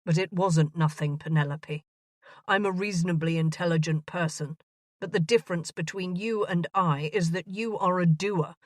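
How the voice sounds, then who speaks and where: A woman voicing an earnest, bumbling gentleman of thirty proposing marriage in a romance audiobook. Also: on the low side, normal speed, dry recording, studio quality, natural voice.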